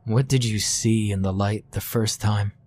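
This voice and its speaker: A man voicing a weary, wary detective who mumbles in a low, blunt way. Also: steady tone, measured pace, darkish tone. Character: weary, wary middle-aged male detective.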